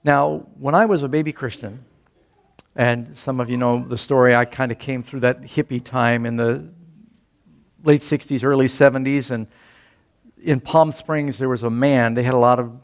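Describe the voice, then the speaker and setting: An older man preaches in an easygoing, conversational way and weaves a personal story into the sermon. He speaks at a moderate pitch and pushes up louder and higher whenever he quotes scripture or other people. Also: steady tone, moderate pace. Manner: conversational, rising loudly for quoted scripture and speech. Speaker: pastor.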